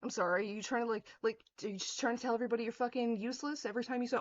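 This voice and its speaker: A woman's voice: a little high, steady tone, racing, hardly any pauses, fairly bright tone, dull audio. A young woman on her own video, ranting in fury with heavy profanity and cutting insults, at times mocking others in a sneering voice. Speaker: vlogger. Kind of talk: angry rant to camera.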